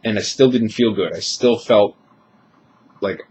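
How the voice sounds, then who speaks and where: A man's voice: lowish voice, a little slow, darkish tone, slight background noise, poor audio. A man in his thirties talking candidly and at length in a rambling, confessional personal monologue. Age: 30s.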